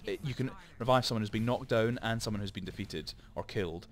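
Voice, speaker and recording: A man's voice: fairly low pitch, fast. A man hosting a let's play, chatting and rambling through explanations with lots of asides, into a desk microphone. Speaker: gaming channel host.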